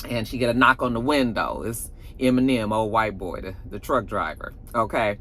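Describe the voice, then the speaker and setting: A woman's voice: very deep voice, moderate pace, a bit bright, a little hiss or hum. A woman giving a casual, slangy recap review of a TV episode, acting out the characters' lines as she goes. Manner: chatty, slangy, acts out quoted lines.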